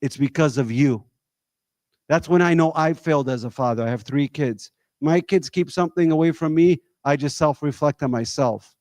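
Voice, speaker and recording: A man addresses a gathered audience, pressing them with question after question. His voice sits fairly high for a man, and the sound is close and dry, with no room echo. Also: normal speed, darkish tone. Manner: direct, exhorting, rhetorical questions. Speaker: discussion leader. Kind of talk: community talk to a live audience.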